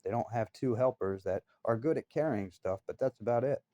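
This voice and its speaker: A man's voice: mid-range voice, brisk, dark tone, no echo, lo-fi sound. A man telling a work story in a blunt, heated, profane way. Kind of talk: casual storytelling.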